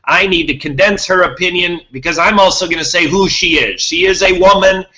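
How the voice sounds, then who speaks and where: A man's voice: high voice, fairly quick, sharp tone, poor audio. A man hosting a podcast, talking to his listeners in a rambling monologue, repeating himself and restarting words. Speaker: podcast host.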